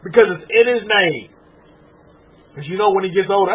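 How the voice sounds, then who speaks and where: A man from Texas preaching an emotional sermon as a rabbi, tearful and fervent, swinging from loud exclaiming to hushed murmuring. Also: high-pitched, normal speed, pauses often, husky. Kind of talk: emotional sermon to an online congregation. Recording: tinny phone-like audio.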